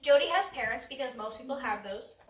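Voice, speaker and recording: A young woman doing a chatty, self-mocking stand-up comedy set, acting out quick voices. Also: high voice, lively intonation, reverberant, distant mic, low-quality recording. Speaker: stand-up comic. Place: stage before a live audience.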